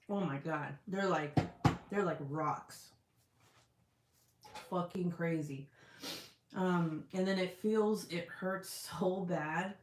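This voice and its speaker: A woman chatting casually with her livestream audience, candid and chatty, swearing freely as she talks. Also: lowish voice. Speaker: livestream host. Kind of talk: casual chat. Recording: roomy echo.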